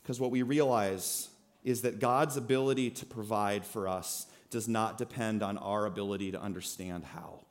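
A man in his thirties preaching a sermon, telling a lively personal story and then speaking quietly and earnestly. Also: fairly low pitch, normal speed. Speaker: pastor.

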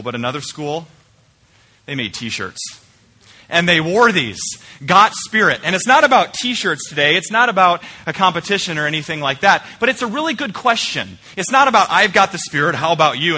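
A male pastor preaching a conversational sermon in a church, swinging between emphatic points and quiet, searching questions. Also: fairly high pitch. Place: church sanctuary.

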